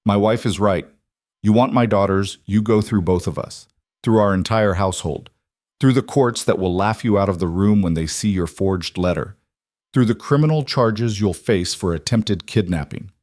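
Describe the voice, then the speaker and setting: A man's voice: fairly low pitch, moderate pace, darkish tone, no echo, clean studio sound, close to an everyday voice. A man voicing a stern, grieving nobleman duke in a storybook reading. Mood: cold. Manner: icy then pained.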